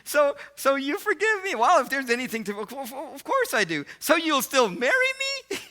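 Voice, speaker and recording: A man voicing a tearful, ashamed young woman who pleads in a high voice. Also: big pitch swings, moderate pace, sharp tone, heavily acted. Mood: pleading.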